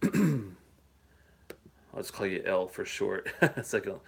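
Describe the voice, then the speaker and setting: A man's voice: deep voice, expressive, slow pace, gravelly, slightly rough. A man hosting a casual live whisky show, talking in a rambling, chatty way with lots of fillers and chuckles. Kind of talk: casual live-stream chat. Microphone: phone or handheld device he plugs in and holsters.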